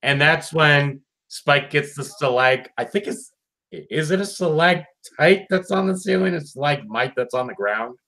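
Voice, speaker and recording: A man's voice: on the high side, unhurried. A man chatting casually while reviewing a cartoon episode, acting out lines and swearing freely. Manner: animated, swears, acts out lines.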